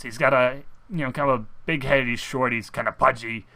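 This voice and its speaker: A young man with a bright, clear-toned voice chats casually as co-host of a fan show. He rambles, circling back with fillers and restarts, at a middling pitch for a man. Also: steady tone, fairly quick, dry recording. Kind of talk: casual chat.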